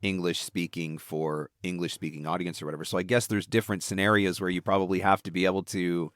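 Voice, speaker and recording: A man's voice: sits low, little pitch movement, fast talker, fairly bright tone, dry recording, clean studio sound. A man hosting an interview podcast, thinking aloud as he asks his questions. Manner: conversational, thinks aloud while asking questions. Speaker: podcast host. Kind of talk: casual interview chat.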